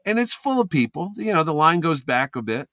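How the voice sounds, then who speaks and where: A man telling a lively convention story in casual chat, acting out what others said. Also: on the high side, brisk, no room sound, clean studio sound. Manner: animated anecdote teller, acts out quoted voices.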